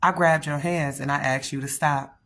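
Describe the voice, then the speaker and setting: Woman putting on a creepy calm toddler boy, slow, serious, low voice, spooky story. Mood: eerie calm.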